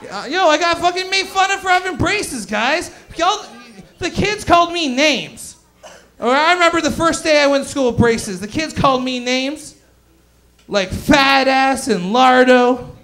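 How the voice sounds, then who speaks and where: A man in his twenties doing a stand-up comedy set on a club stage, loud, crude and bantering with the crowd. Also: very high-pitched, lively intonation, normal speed. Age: 20s.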